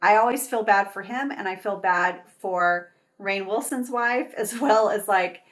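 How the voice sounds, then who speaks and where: A middle-aged woman and actress chatting as an interview guest, telling stories in a bubbly, animated way. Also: mid-range voice, unhurried. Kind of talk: casual interview chat.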